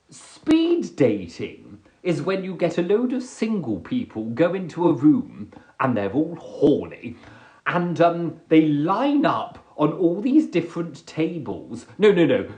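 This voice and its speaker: A man chats on his live stream, repeating and restarting words as he goes. His voice is lively, with big swings in pitch, and he takes an unhurried pace. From England. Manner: chatty, stammering restarts, giggly. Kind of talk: casual chat.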